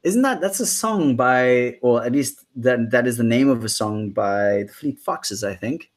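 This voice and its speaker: A man's voice: medium pitch, lively intonation, unhurried. A man hosting a casual musician's livestream, chatting in a rambling way and reading out viewer comments. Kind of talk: casual live-stream chat.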